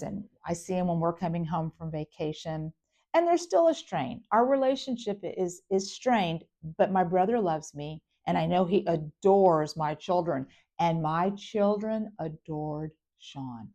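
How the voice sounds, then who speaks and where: Animated middle-aged woman telling a story. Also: lowish voice, measured pace. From Florida, US. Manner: animated, dramatic storytelling with character voices. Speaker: speaker. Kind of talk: personal storytelling talk.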